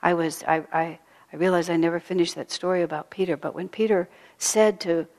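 A woman retelling a sacred story as a spiritual teacher, soft-spoken and earnest, often dropping to a hush and repeating phrases for weight. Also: lowish voice, steady tone, fairly quick, in a large hall.

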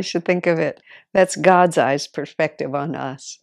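A woman spiritual teacher giving an informal talk, conversational and gently humorous, often breaking into laughter. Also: deep voice, a little slow, vocal fry.

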